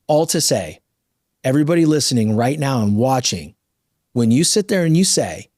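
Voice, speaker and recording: A man in his thirties hosting a podcast interview, talking in an animated, emphatic, motivational way. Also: mid-range voice, normal speed, no echo, clean studio sound. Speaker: podcast host. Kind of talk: casual interview talk.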